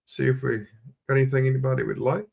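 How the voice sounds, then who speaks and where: A man's voice: mid-range voice, flat delivery, quick pace, gravelly, a little mellow. A man hosting a casual live-stream coin sale, greeting viewers by name over and over in a chatty way. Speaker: livestream host selling coins.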